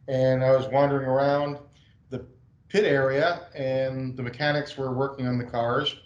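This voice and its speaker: A man's voice: mid-range voice, echoey room, low-quality recording. A middle-aged American man casually telling a rambling anecdote on a video call. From USA. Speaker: guest speaker, race car designer. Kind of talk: relaxed storytelling Q&A.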